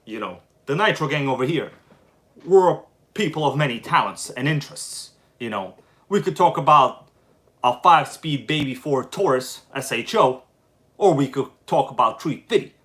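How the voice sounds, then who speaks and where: A man in the middle of his pitch range, hosting a live stream from home. His talk is loose and chatty, and it jumps into fired-up bursts when something annoys him. He reads out viewer comments as he goes. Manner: animated, quick flashes of irritation, chatty. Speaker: livestream host. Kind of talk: casual live chat.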